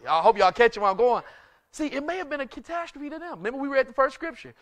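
A male pastor preaching with a very high, bright voice that swings widely as he pushes the congregation. He keeps circling back to the same rhetorical questions and breaks into shouts. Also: expressive, fast. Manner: call-and-response preaching, repeated rhetorical questions, sudden shouts. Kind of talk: sermon.

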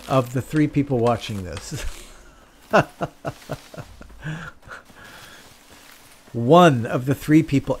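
A gameplay streamer casually narrates his own let's-play, chatty and self-deprecating, often talking to himself. His voice is medium-pitched, with a slight hiss or hum in the audio.

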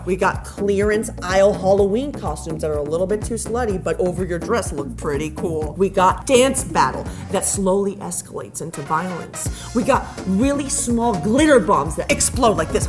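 Young woman, comic bride, excitable and rapid-fire, code-switching into Spanish, music playing underneath. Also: lowish voice. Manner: excitable and rapid-fire, veering into loud outbursts; drops Spanish phrases into English. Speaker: bride planning a wedding. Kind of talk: scripted comedy sketch.

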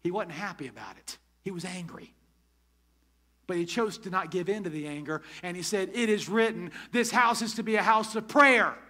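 A man's voice: high voice, normal speed, bright, forceful tone. A male pastor preaching a sermon to his congregation, emphatic, often asking if they are with him. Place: church sanctuary.

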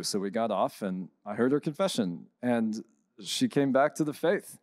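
Priest guy telling a story at a conference, acts out the voices, medium pitch, dry close sound. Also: moderate pace, darkish tone, dry recording.

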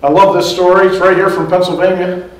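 A man's voice: high-pitched, little pitch movement, fairly quick. A man giving a conversational sermon as pastor, chuckling at his own asides. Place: church sanctuary. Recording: echoey church hall, mic far off.

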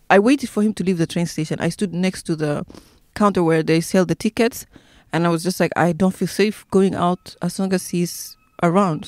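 A woman's voice: fairly low pitch, a little mellow, no echo. Dry-voiced woman telling her story. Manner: conversational, many fillers like "like" and "um". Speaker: interviewee, city resident. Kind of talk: casual storytelling interview.

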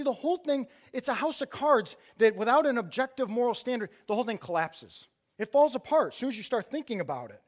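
A middle-aged man preaching a conversational sermon in a church, arguing with rhetorical questions and often restarting his sentences. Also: sits high. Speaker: church outreach director preaching.

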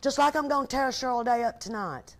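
A woman's voice: on the high side, a little fast. A woman wrestler, a guest on a TV show, trash-talking brashly. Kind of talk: casual TV banter.

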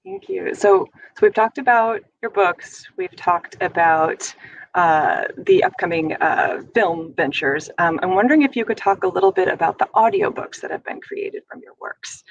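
A woman interviewing an author, asking polite and measured questions. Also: lowish voice, lively intonation, no room sound, lo-fi sound.

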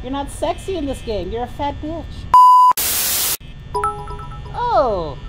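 A cheerful, naive male hero, put on by a woman streamer reacts to a horror game in a high voice that swings wildly up and down. He talks slowly, then shrieks and pleads at the creatures on screen. Game music plays behind him. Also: sing-song, exaggerated voice, rough recording. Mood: flustered. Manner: jumpy, yelling and pleading at the game's animatronics. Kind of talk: in-character game commentary.

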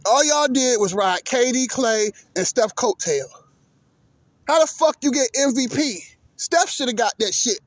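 A vlogger rants heatedly about basketball, cursing often and tripping over repeated words. His voice is very high-pitched with lively intonation, his pace is measured, and the recording is dry.

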